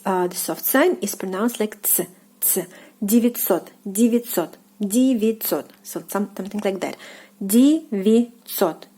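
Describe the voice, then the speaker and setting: A woman with a Russian accent, a native Russian speaker, teaching casually with many fillers and slow repetitions. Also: medium pitch, dark tone. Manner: hesitant, many fillers, repeats words slowly. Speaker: language teacher.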